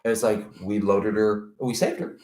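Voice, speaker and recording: A man's voice: fairly low pitch, measured pace, a little hiss or hum. A man and former EMT in casual podcast chat, telling stories with swearing and quoted voices. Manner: animated storytelling, swearing, quoting others. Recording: echoey room.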